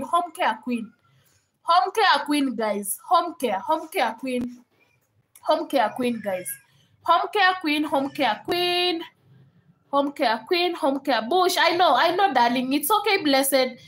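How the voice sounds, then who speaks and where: Talking casually to her livestream audience, a young woman from Kenya laughs often and slips between Swahili and English. Her high voice has a fairly bright tone, but the audio is poor.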